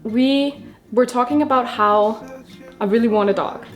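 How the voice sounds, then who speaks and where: A woman's voice: a little high, unhurried. A woman in her twenties from Denmark, chatting casually and rambling with frequent laughs while doing her makeup for a vlog. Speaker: beauty vlogger. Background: soft background music.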